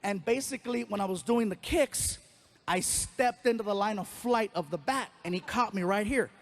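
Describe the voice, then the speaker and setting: A man doing animated stand-up storytelling on a live stage, acting out the people in his story. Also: high voice, moderate pace. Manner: animated storyteller who acts out other voices. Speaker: stand-up comedian.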